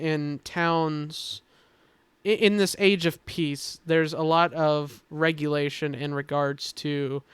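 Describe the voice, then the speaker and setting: Man, podcast chat, halting explanations, frequent filler pauses, smooth resonant voice, dry close sound. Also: fairly high pitch, a bit bright, dry recording. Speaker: game designer explaining characters.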